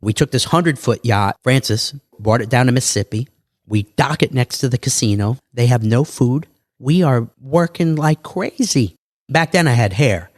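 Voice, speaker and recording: A man tells stories in a lively way and acts out what other people said. His voice sits in the middle range and the recording is dry and close, with no room sound at all. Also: mid-range voice, no room sound. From New York. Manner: animated, quick storytelling with acted quotes. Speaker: guest. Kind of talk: storytelling in a podcast interview.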